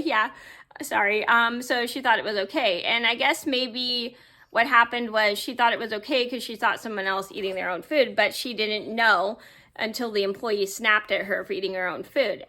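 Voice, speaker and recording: Bright-voiced rambling woman vlogger. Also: fairly high pitch. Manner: rambling, filler-heavy, easily sidetracked. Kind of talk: casual storytelling to camera.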